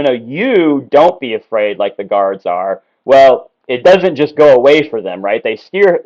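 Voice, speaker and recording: Male Bible teacher, mid-pitched, casual and self-correcting, dull lo-fi recording. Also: a little mellow. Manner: conversational, many ums and self-corrections. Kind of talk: explaining a Bible passage at a whiteboard. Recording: slightly dull lo-fi sound.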